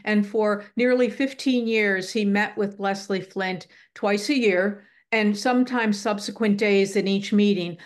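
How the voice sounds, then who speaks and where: A middle-aged woman speaking in casual conversation, telling a heartfelt story earnestly and animatedly, often restarting her sentences. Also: mid-range voice. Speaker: guest speaker on the afterlife. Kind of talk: casual chat.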